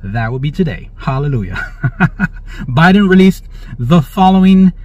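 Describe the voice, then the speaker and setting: Jubilant man with a fairly high voice. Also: animated, moderate pace, a little mellow. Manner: jubilant, interjects praise and frequent "all right?". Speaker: prophetic commentary host. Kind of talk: religious commentary reading news aloud. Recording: dull, dry lo-fi recording.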